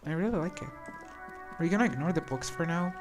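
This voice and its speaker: A woman talks casually while playing a game, low in pitch. She is chatty and hesitant, often restarting her sentences. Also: lively intonation, quick pace, music in the background. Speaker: streamer. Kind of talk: casual gameplay commentary.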